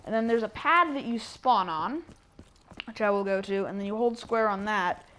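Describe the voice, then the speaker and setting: A woman giving a casual, rambling game walkthrough while she plays, even and unhurried, correcting herself with many fillers. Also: medium pitch, a little hiss or hum. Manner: even and unhurried, near monotone. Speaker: gameplay guide narrator.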